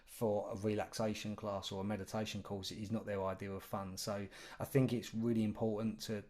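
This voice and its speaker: A man's voice: lowish voice, little pitch movement, fairly quick, a little mellow. A man co-hosting a podcast in casual conversation, talking at length with lots of "you know" fillers. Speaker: podcast co-host.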